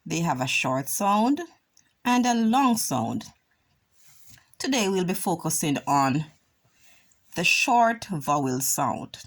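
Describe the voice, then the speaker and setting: A woman teaching a children's phonics lesson, drawing out vowel sounds slowly and deliberately. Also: fairly low pitch, very animated. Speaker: reading teacher.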